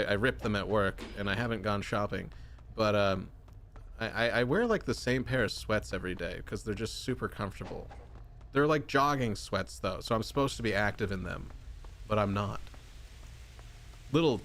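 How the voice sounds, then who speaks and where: Young male streamer, loose and jokey, rambling chat between game moments. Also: slight background noise. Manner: rambling, jokey, answers chat, bursts into high shouting. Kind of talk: casual gaming livestream chat.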